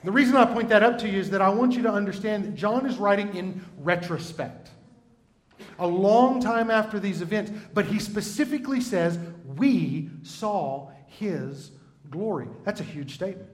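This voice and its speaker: A man's voice: sits high, brisk. A man preaching a sermon, talking in a conversational way and turning often to the congregation. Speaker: pastor. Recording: roomy echo.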